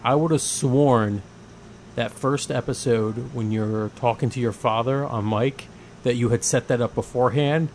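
A man's voice: medium pitch, fairly even intonation, a little slow, a little mellow, slight background noise. Sarcastic, teasing male co-host. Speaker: radio show co-host. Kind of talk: casual chat.

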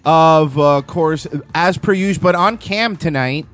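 His voice sits a little high and his pace is measured as he hosts a live comedy podcast. Trading jokes with co-hosts in loose banter, he laughs a lot and comes across animated and incredulous.

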